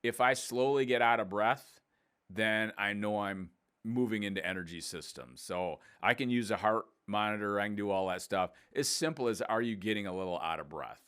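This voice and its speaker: A man's voice: lowish voice, normal speed, fairly bright tone, smooth. A man in his sixties, a fitness coach and podcast host, explaining exercises in a casual, upbeat, plain-spoken way. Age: 60s. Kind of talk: casual instructional podcast talk.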